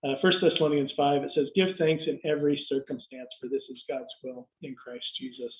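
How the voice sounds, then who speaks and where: A man's voice: medium pitch, steady tone, a little fast. A middle-aged man preaching a sermon in a conversational way, stopping himself mid-sentence and acting out people's reactions. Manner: conversational, self-interrupting, acts out quoted reactions. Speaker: pastor. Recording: echoey room over a tinny phone-like line.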